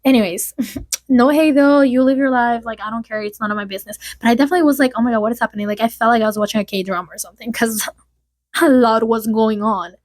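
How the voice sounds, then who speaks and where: A young woman gossips casually to camera, rambling on and using "like" heavily. Her voice is on the high side and brisk, recorded without echo.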